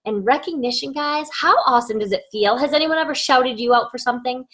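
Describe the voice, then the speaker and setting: Peppy woman coach hyping you up, kinda high voice, keeps repeating stuff for emphasis. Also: fast, fairly bright tone. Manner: upbeat, emphatic, repeats words for stress. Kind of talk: casual motivational teaching.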